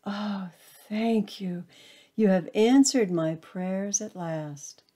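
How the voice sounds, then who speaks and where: A woman's voice: mid-range voice, drawn-out words, mellow. A woman voicing a small, frightened, lonely acorn in a storybook tale, with breathless pleading cries. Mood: relieved.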